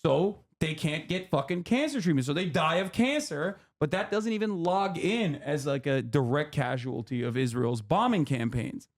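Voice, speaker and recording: A man with a fairly high voice explains politics on a stream, heated and animated. He swears freely and pushes each point hard. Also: moderate pace, few pauses.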